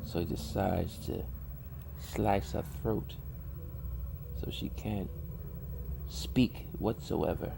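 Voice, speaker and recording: A man's voice: low-pitched, slow, vocal fry, pauses often, noisy background. A man casually narrating a horror story in a drawling, colloquial way with loose grammar.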